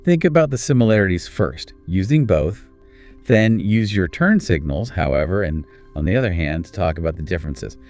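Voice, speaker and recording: A man with a deep, low voice co-hosts a scripted English speaking lesson. He speaks in a clear, encouraging teacher's manner, with soft music faintly underneath. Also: sing-song, normal speed. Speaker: co-host of an English speaking course.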